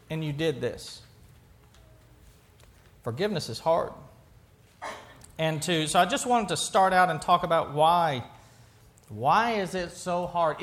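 Male pastor with a high voice, chatty sermon style, asks the room questions and restarts sentences. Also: fairly bright tone.

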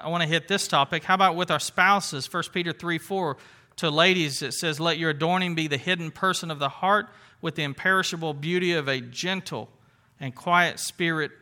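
High, very bright-voiced male preacher. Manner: earnest, repeats phrases for emphasis, reads scripture aloud. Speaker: pastor. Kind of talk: sermon.

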